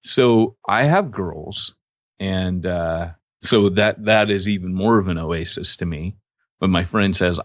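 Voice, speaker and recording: Joking guy cohosting a podcast, lowish voice, bouncy, dry close sound. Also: slow pace, dry recording. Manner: playful, joking, animated. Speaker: podcast co-host. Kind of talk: casual banter.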